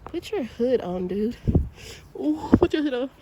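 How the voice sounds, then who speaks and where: Her voice is high and sing-song, paced in a measured way, and the recording is very noisy. She's a woman from Georgia, US, chatting and laughing through a casual snowy vlog in a parking lot, shot on a handheld phone, a bit breathless and cold.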